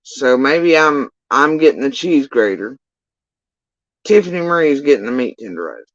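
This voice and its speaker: Woman, livestream host, sarcastic, profane, ranting, lively pitch swings, dry slightly dull sound. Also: moderate pace, dry recording. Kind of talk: casual reaction commentary.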